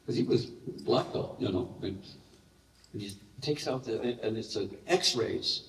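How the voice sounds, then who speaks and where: Older male guest, lively anecdotal storyteller, distant mic in a big reverberant hall. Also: fairly low pitch, unhurried, creaky, a little hiss or hum. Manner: animated anecdotes with laughter. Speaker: interview guest. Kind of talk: storytelling in a live Q&A. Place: large hall with live audience. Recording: roomy echoey hall, heard from a distance.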